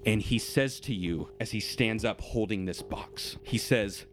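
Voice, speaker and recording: A man's voice: on the low side, animated, measured pace, a bit bright, faint music behind. A man running a tabletop game as game master, narrating scenes in vivid, descriptive bursts.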